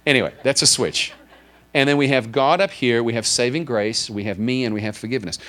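A man's voice: medium pitch, fairly quick, fairly bright tone. A man preaching a sermon to a congregation, earnestly explaining and asking his listeners direct questions. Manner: explains with a drawn board, asks if listeners follow. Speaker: pastor.

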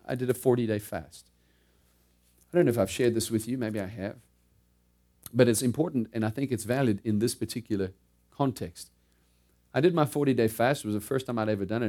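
A middle-aged man preaching a sermon. He tells a personal story, moving from loud, emphatic preaching to low, hushed narration, and laughs between lines.

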